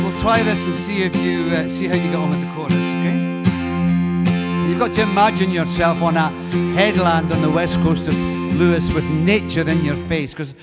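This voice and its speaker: A Scottish man, a singer-songwriter, telling a rambling, halting story between songs, chuckling often. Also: a little high. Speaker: singer-songwriter introducing a song.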